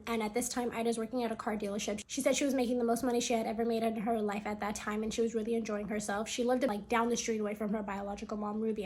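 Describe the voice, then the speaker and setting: Chatty woman retelling a story. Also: fairly high pitch. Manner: chatty, fillers like "like" and "right".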